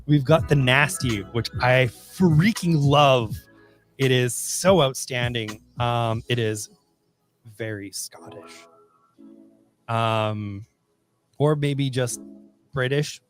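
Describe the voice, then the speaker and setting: A man's voice: medium pitch, takes it slowly, pauses often, faint music behind. Rambling, laughing comic-shop man. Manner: rambling, filler-heavy, laughs often. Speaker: podcast co-host. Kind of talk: casual chat about comics.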